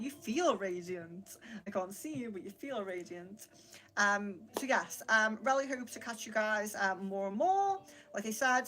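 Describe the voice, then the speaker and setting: A woman's voice: fairly high pitch, fairly bright tone, rough recording. A British woman hosting a live-stream card reading, greeting viewers by name and chatting casually with many fillers. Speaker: psychic livestream host.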